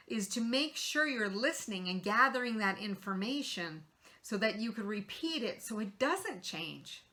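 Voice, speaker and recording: A woman's voice: a little high, bright, forceful tone. A middle-aged woman hosting a show, giving earnest coaching tips in a motivational talk with rhetorical questions. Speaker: host.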